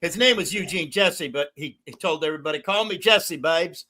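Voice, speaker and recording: A man's voice: a little high, fairly quick, sharp tone. An older man hosting a casual stream chat over a video call, rambling through stories and laughing at his own jokes. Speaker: stream host.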